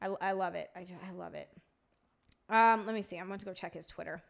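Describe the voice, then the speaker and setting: A woman's voice: on the low side, fast talker, creaky. A woman hosting a casual livestream, reading chat aloud, swearing and laughing often. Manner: profane, laughing, reacting to chat.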